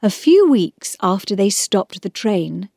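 A woman reading a children's storybook aloud, clear, measured and expressive. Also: mid-range voice, no room sound, studio quality. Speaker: narrator.

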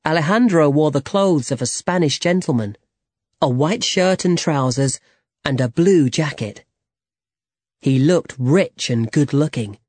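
A narrator reading a simplified novel aloud in a plain, deliberate manner. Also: mid-range voice, a little mellow, dry recording.

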